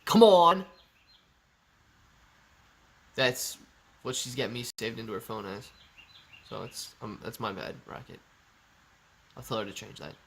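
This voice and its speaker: A young man hosting a live stock-market Q&A stream, chatty and energetic as he reads viewer messages aloud. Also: on the low side, normal speed, vocal fry, long pauses, slight background noise. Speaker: livestream host.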